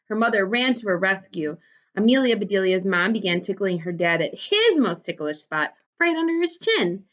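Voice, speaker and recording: A woman teacher reading a storybook aloud to second graders with expressive storytelling. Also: medium pitch, moderate pace. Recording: dull lo-fi recording.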